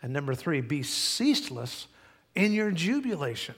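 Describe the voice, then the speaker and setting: Man, pastor, preaching, folksy, emphatic, fairly high voice, long church echo. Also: sing-song, normal speed, a bit bright, breathy edge. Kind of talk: sermon. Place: church sanctuary.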